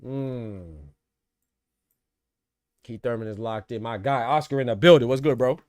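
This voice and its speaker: A man's voice: medium pitch, unhurried, a little mellow, smooth, no echo. A man hosting a casual boxing podcast, stuffed up and congested, rambling and repeating himself as he talks to his audience. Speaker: podcast host.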